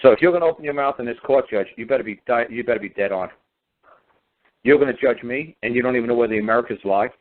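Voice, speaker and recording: Talking fast in a medium-pitched voice, a man argues his side on a phone talk show. He leans on emphatic, repeated rhetorical questions, and the recording is a phone line.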